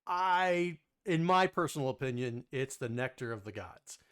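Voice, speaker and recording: A podcast co-host in casual chat, playful and quick to jump in with jokes. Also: medium pitch, clean tone. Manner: animated, playful, jumps in with jokes.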